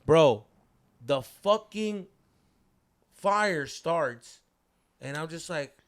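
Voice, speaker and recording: A man's voice: fairly high pitch, lively intonation, drawn-out words. A man in his thirties telling a wild story on a casual podcast, slangy, swearing often and mixing in Spanish words.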